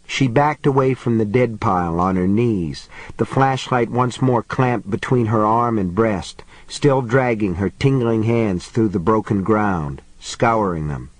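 A man's voice: fairly low pitch, a little slow, few pauses, no echo, poor audio. Man narrating a novel, dry close sound. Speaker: audiobook narrator. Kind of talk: scripted narration.

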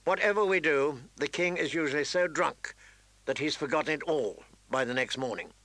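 A man's voice: a little high, moderate pace, a bit bright, no echo. A man reading aloud voices a proud, contemptuous noble queen who speaks with haughty scorn. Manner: contemptuous, haughty, turning seductive.

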